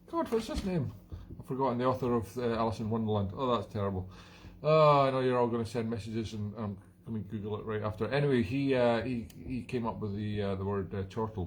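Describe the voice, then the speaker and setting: A man's voice: lowish voice, a little hiss or hum. A Scottish man hosting his own live stream, chatting in a rambling, self-mocking way and often chuckling at himself. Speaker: live-stream show host. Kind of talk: casual live-stream chat.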